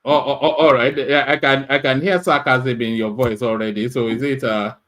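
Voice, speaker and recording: A man hosting a casual commentary chat, speaking in a hesitant, halting way full of restarts. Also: medium pitch, fairly even intonation, a bit bright. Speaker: host.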